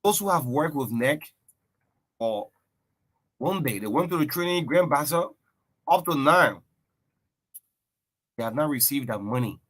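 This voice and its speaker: A man's voice: a little high, lively intonation, unhurried, long pauses, fairly bright tone. A man hosting a breakfast show, talking loosely about politics with lots of "yeah" and "man". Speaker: radio breakfast show host. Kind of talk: casual political talk.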